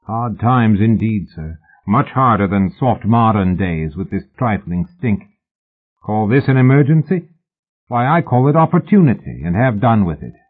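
A man voicing an easygoing working-class bill-sticker boss who talks in a cheerful, folksy, unhurried way, in a storybook reading. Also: fairly low pitch, animated, slightly rough. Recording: tinny phone-like audio.

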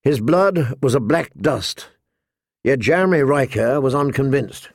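A man narrating an audiobook in a slow, measured reading. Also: mid-range voice, expressive, no room sound, studio quality.

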